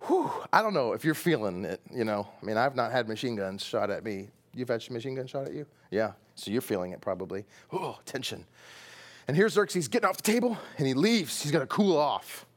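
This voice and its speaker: A middle-aged Texan pastor with a mid-range voice and a Texas accent preaches briskly. He tells the sermon's story as an animated performer, acting out voices and sound effects along the way.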